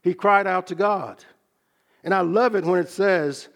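A man preaching a sermon, teaching from scripture in a measured, earnest way and slowing down to stress key phrases. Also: high voice, lively intonation.

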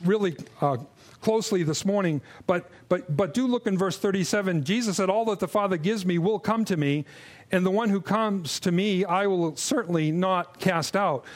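A man preaching an earnest expository sermon, often restarting and repeating words as he teaches from a passage. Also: normal speed. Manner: drops low and quiet when mimicking grumbling.

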